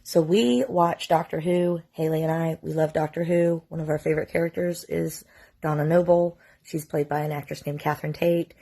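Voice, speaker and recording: In this storytime vlog, a woman in her forties who is a mother recounts a lengthy family tale into her phone. Her voice is deep, creaky and dark, with fairly even intonation at normal speed, and she talks chattily, dropping lots of "like"s and some mild swearing.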